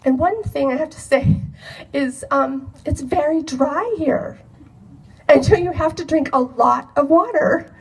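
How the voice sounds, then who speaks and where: High-voiced animated woman storyteller. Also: a little slow, recorded from a distance, low-quality recording. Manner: animated, expressive, acts out quoted dialogue with laughs. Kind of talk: personal anecdote told to a live audience.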